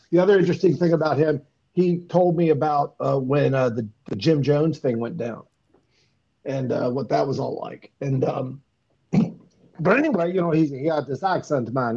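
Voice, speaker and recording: Guy calling in on his phone, kinda high voice, muffled lo-fi sound, rambles with lots of ums. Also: a little mellow. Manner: rambling storyteller, many ums and restarts. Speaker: caller. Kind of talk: casual call-in chat. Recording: dull lo-fi phone audio.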